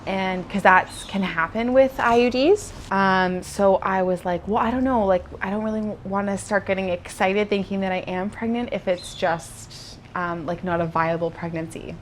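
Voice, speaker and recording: A woman's voice: medium pitch, moderate pace, few pauses, a little hiss or hum. A young woman vlogger telling a personal story in a casual, chatty way, with lots of fillers and restarts.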